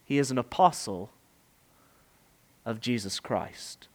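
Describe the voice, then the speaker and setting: A man's voice: mid-range voice, slow pace, darkish tone. A middle-aged man preaching an expository sermon, emphatic, with rhetorical questions and rising and falling delivery.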